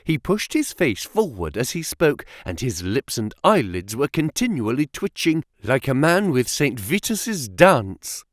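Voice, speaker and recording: A man's voice: medium pitch, very animated, measured pace, hardly any pauses, dry recording, studio quality. A man narrating an audiobook, telling the story with expression. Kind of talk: scripted narration.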